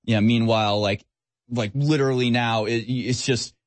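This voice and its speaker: A man hosts a talk radio show in a scornful, mocking tone that runs from quick asides to slow, drawn-out sneers. His voice sits in an ordinary middle pitch. The sound is close and dry, with no room echo. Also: steady tone. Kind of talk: opinionated talk radio monologue.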